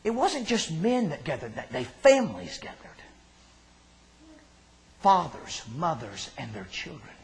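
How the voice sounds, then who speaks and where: A man preaching an impassioned sermon in a church, with fervent, drawn-out delivery and answers from the congregation. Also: on the high side, wildly swooping pitch, gravelly, rough recording. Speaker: pastor.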